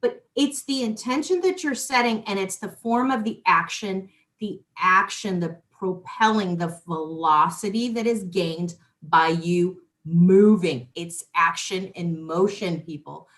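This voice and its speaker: A woman's voice: on the low side, measured pace, hardly any pauses. A middle-aged woman hosting a spiritual talk show. She chats casually and with animation, restarting sentences and throwing asides to her listeners. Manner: chatty and animated, with lots of restarts and asides to the audience. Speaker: host.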